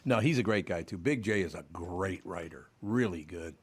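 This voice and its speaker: Gruff older Minnesotan man host. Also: low-pitched, normal speed. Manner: gruff, swears casually. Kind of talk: casual chat.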